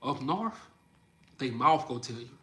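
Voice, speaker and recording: A young livestream host with a New Orleans Southern accent chats casually in a mid-range voice at normal speed. He answers comments and tells animated stories, laughing often.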